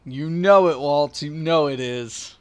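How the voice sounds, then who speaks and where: A man's voice: fairly high pitch, takes it slowly, a little mellow. A man from Ohio, casually chatting on a livestream while he plays a game, rambling and joking as he reads chat aloud. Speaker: streamer.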